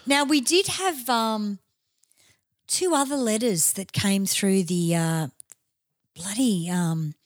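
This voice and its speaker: A woman's voice: medium pitch, slow, long pauses, no room sound, clean studio sound. An Australian woman co-hosting a podcast in casual chat, tipsy, crude and swearing freely, recorded in a band room. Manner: crude, heavy swearing, laughs easily. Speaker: podcast co-host.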